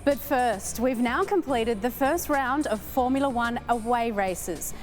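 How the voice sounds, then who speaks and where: A woman presents a motorsport show, reading her scripted links and putting questions to a guest with a poised, even delivery. Her voice sits fairly high, with faint music running underneath. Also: unhurried. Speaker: show host.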